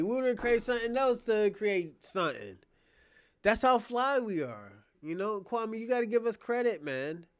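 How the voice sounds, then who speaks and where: Reaction streamer, male, high and smooth voice, animated and profane, casual live commentary. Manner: animated, loose and profane, talking to chat.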